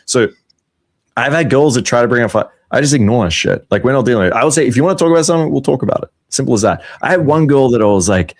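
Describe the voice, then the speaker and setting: A man's voice: mid-range voice, expressive, fast talker. A man co-hosting a podcast as a dating coach, giving advice in a matter-of-fact, profane, casual way.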